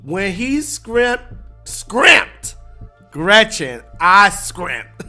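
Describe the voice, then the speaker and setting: A host giving a casual, animated breakdown of a TV episode, laughing often and acting out lines. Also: mid-range voice, drawn-out words, long pauses, faint music behind. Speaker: show recap host.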